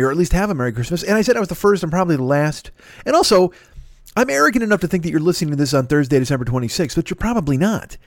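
A man's voice: a little high, no room sound, studio quality. A man in his forties hosting a podcast with a profane, self-mocking, digressive comedic monologue. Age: 40s. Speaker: podcast host.

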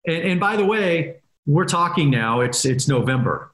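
A man chatting as a guest in an interview, upbeat and quick to laugh. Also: on the high side, expressive, fairly bright tone. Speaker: guest, reality dating show host. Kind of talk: casual interview chat. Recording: roomy echo.

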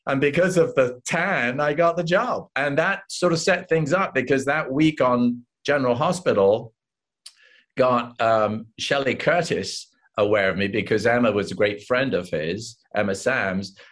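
A man with an English accent, an actor guest telling lively anecdotes in a casual interview and quoting others with voices. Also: medium pitch, measured pace. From England.

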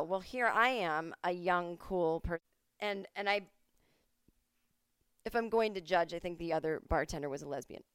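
A woman in her forties hosts a podcast from home, telling a rambling story in casual, profane chat. She slips into the voices of the people she quotes. Her voice is smooth and resonant, recorded close and dry with no room sound. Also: lowish voice, no room sound. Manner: chatty, swearing, acts out quoted voices. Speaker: podcast host.

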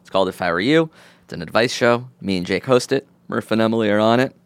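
A man's voice: fairly low pitch, fast, smooth, no echo. A man co-hosting a podcast in casual chat, joking and asking lots of questions. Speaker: podcast co-host.

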